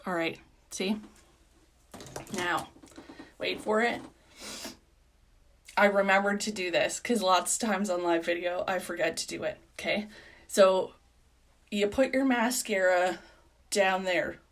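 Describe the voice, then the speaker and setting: A woman's voice: mid-range voice, takes it slowly, long pauses. A woman giving a casual live makeup tutorial as a beauty product consultant, chatty, rambling and self-deprecating.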